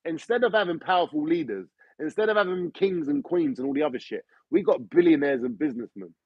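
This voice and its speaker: A man's voice: a little high, lively intonation, quick pace, no echo. A man ranting in an opinionated monologue, swearing and firing off rhetorical questions. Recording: dull lo-fi recording.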